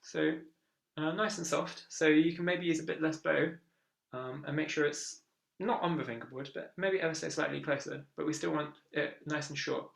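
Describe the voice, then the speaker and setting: Encouraging music teacher who counts in beats; slight fry, roomy sound. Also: medium pitch, steady tone, normal speed. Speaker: viola teacher. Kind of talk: online music lesson. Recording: echoey room with viola playing.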